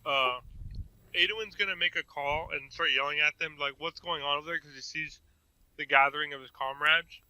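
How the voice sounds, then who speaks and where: A man's voice: fairly high pitch, moderate pace, sharp tone, a little hiss or hum, poor audio. A man playing a tabletop game, describing his character's actions in the third person. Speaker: player.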